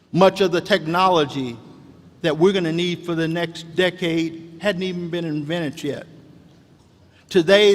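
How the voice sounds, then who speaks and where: A man delivers a stirring commencement address, rising and falling like a preacher. His voice sits a little high for a man. It rings out through a large hall with a long echo. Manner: rousing, preacher-like cadence with repeated calls. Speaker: commencement speaker. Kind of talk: inspirational commencement speech.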